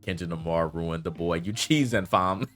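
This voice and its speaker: A man's voice: deep voice, moderate pace, a bit bright, soft background music. A man giving a casual, slangy commentary rant, laughing often and talking loosely with lots of fillers. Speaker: commentary vlogger.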